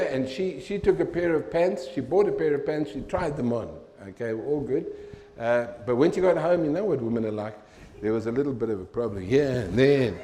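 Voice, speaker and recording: An older man speaking as a keynote speaker, spinning funny anecdotes with lively energy. His voice is mellow and warm, sitting at an ordinary middle pitch. A faint hum of noise sits quietly underneath him. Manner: animated storyteller, humorous, acts out dialogue. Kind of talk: storytelling talk to an audience.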